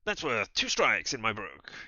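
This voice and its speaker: A man voicing a weary vampire sheriff who scolds in slow, measured words. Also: fairly low pitch, wildly swooping pitch, pushed and bright, no room sound, highs cut off, full character voice. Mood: threatening.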